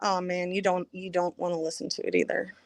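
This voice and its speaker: A woman's voice: on the low side, little pitch movement, brisk, no echo. A woman hosting a live stream, talking casually and bluntly, swearing freely and speaking her mind. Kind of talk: casual chat.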